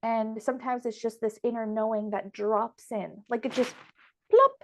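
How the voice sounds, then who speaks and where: Host, woman, young adult. Chatty, emotional, laughs often, slightly high voice. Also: level tone, normal speed, a little mellow, slight background noise. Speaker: podcast host and medium. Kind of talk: casual conversation.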